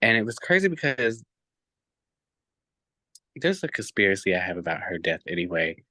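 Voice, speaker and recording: Bright-voiced man telling a story, animated. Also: deep voice, moderate pace, dry recording. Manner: animated, many fillers and reported speech. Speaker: podcast guest. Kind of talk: personal storytelling.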